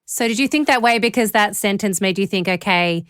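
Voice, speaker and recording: A woman hosting an interview, asking attentive, gently probing questions. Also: medium pitch, a little fast, clear, resonant tone, no echo, studio quality. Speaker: podcast host. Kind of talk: interview conversation.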